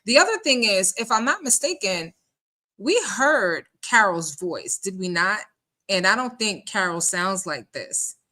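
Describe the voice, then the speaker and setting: A woman's voice: medium pitch, animated, a little slow, pushed and bright. A woman hosting a livestream, chatting casually with her viewers and talking them through call recordings. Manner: chatty, addresses chat as y'all. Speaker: YouTube commentary host. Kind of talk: livestream commentary.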